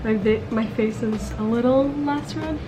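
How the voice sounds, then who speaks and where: A woman's voice: a little high, measured pace, background noise. A young woman vlogger telling a story in casual chat, with frequent fillers.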